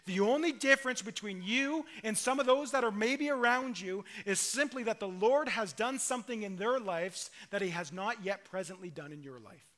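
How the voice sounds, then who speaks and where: Casting: high-pitched, bright-toned male pastor delivering an earnest, emphatic sermon. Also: moderate pace, hardly any pauses. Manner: earnest preaching, rising to emphatic declarations.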